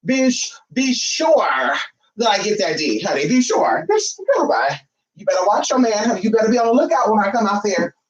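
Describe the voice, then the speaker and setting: Brash, sassy vlogger talking straight to viewers: profane, leaps into shrill outbursts, muffled and set back from the mic. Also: slightly rough. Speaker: spiritual vlogger. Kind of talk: casual chat to viewers. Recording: distant, dull lo-fi sound.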